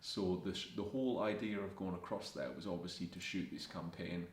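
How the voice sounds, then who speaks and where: A man's voice: sits low, fairly even intonation, a little fast, slight background noise. A young man, a fashion vlogger telling rambling casual anecdotes and quoting himself and others along the way. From Scotland. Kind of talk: casual storytelling. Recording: echoey room.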